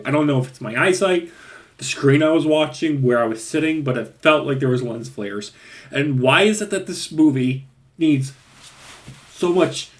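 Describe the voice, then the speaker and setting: A man giving a casual, rambling spoken movie review with a chatty, laughing manner. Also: mid-range voice. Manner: rambling, chatty, laughs at his own points.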